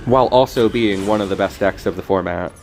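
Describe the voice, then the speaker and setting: A man's voice: lowish voice, a little fast, faint music behind. A man streaming a card game, talking through his plays in a rambling, jokey, self-deprecating way. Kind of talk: casual gameplay commentary.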